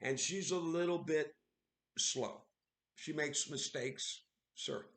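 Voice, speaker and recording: A man hosting a casual livestream, excitable and exclaiming, laughing often. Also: fairly high pitch, takes it slowly, roomy sound. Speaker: livestream host. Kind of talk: casual live commentary.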